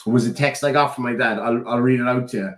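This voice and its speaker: A man's voice: mid-range voice, fast. Sweary Irish man in a roomy room. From Ireland. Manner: heartfelt, sweary storytelling. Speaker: podcast co-host. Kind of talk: casual chat. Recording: roomy echo.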